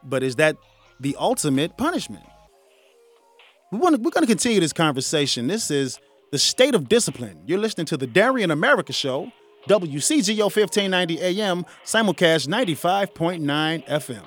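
A man in his forties hosting a radio talk show, speaking in a casual, animated way with frequent chuckles. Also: sits high, brisk, faint music behind. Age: 40s. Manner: animated, conversational, chuckles often. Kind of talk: solo talk radio monologue.

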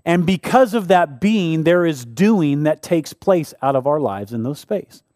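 A man's voice: fairly high pitch, lively intonation, measured pace, a little mellow, no echo, studio quality. A man preaching a sermon as pastor of a local church, in a conversational way with rhetorical asides.

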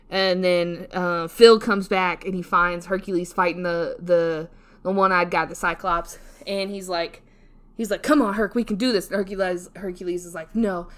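A young woman co-hosting a podcast, talking in a loose, meandering way. She laughs often, trips over her words and restarts, and swears casually. She keeps making fun of herself. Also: medium pitch. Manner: rambling, self-deprecating, giggly, swears casually. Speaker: podcast co-host. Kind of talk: casual solo podcast rant.

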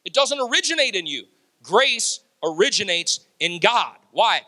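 Male pastor, energetic sermon delivery, bright tone. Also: high-pitched, measured pace. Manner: animated preaching, laughs, acts out quotes.

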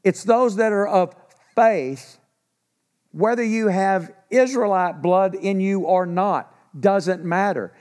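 Brief: high-pitched middle-aged male preacher, reads scripture, drops into casual asides. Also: slow, a little mellow. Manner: reads verses then breaks into casual asides. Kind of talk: sermon reading and explaining scripture.

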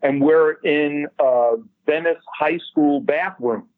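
A special effects man tells a story in a loose, casual way, slips into the voices of people he quotes, and swears now and then. His voice sits a bit high. The sound is dry and muffled. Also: slow, no room sound.

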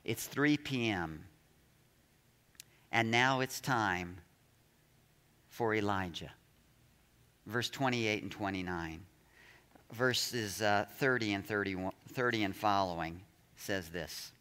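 A man preaching a sermon, reading scripture aloud and dramatizing the shouts of the story. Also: lowish voice, slow pace, pauses often, big-room sound. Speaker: pastor.

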